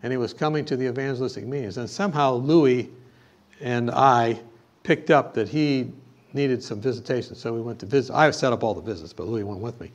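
A man's voice: mid-range voice, brisk, muffled recording. A man preaching a sermon, telling a personal story and then urging his listeners with emphatic exhortation. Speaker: pastor.

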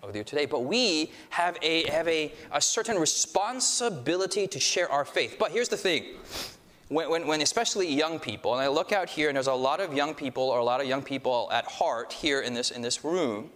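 A male pastor delivers a sermon with a slightly raised pitch, guiding the congregation through call-and-response lines. He mixes in self-deprecating humor. His voice rings out in a hall with a long reverb tail. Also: expressive, fairly quick, fairly bright tone.

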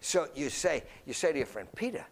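A man's voice: medium pitch, expressive, a little fast, creaky, a little hiss or hum. A man giving an anecdotal classroom lecture, acting out little dialogues and often repeating words as he talks. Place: lecture room filmed on camera.

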